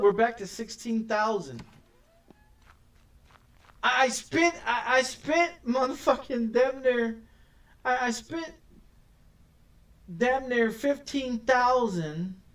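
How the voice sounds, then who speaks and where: Male game streamer, high voice, slow unhurried delivery, cusses constantly, stumbles and repeats himself, set back from the mic. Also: recorded from a distance. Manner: profane, ranting, stammers and repeats words. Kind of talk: casual gameplay commentary.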